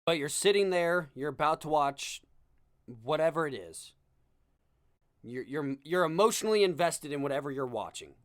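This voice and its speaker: A man's voice: on the high side, lively intonation, normal speed, dry recording, clean studio sound. A young man hosting a podcast, delivering a sarcastic comedic rant with self-deprecating asides. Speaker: podcast host. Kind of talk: comedic monologue.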